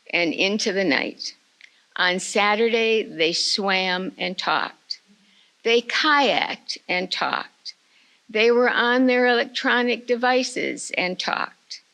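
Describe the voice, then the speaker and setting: An older woman giving a retreat talk, telling a family story in a slow, measured way. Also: mid-range voice, vocal fry, sharp tone, poor audio. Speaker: retreat speaker.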